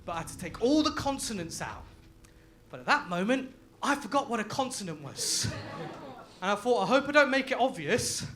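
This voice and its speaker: A young man from Leicester works a live comedy crowd with loud, crude banter, laughing through his lines. His voice sits very high for a man and rings bright and sharp. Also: big pitch swings, moderate pace. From Leicester, England. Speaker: stand-up comedian. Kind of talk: live stand-up set.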